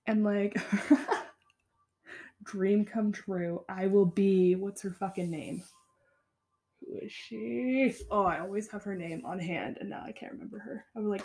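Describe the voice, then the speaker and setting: A young woman in her twenties talks straight to her listeners in a casual solo podcast, her voice gravelly with fry and mellow in tone. She is impassioned and encouraging and swears freely. For tender asides she drops to a soft, slow whisper. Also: mid-range voice. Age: 20s. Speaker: podcast host.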